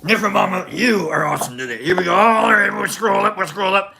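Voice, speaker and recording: A man's voice: high voice, a little fast, creaky, pushed and bright. A man hosting a livestream who tells a rambling, casual story, swearing freely and restarting his sentences often. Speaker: livestream host.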